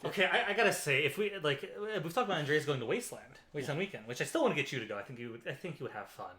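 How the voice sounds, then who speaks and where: Jokey podcast host guy, bright voice that jumps all over, teases his buddies. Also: a little high, lively intonation, racing. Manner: jokey and teasing, swears freely. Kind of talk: casual chat.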